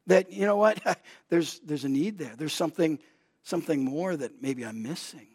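Man, preacher, middle-aged, high-pitched voice, earnest, repeats words for emphasis, loud then quiet. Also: expressive, measured pace, slightly rough. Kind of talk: expository sermon.

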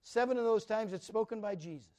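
A man preaching a sermon, moving between hushed, drawn-out lines and louder emphatic ones. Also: high voice. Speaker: pastor.

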